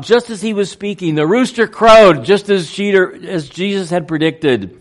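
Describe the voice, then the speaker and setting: A man preaching a sermon, unhurried and halting, with frequent fillers and restarts. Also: sits high. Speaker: pastor.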